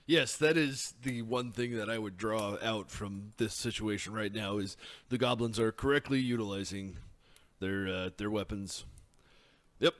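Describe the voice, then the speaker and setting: A man's voice: on the low side, measured pace. A man wryly rambling as a player in a casual tabletop game. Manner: wry, rambling.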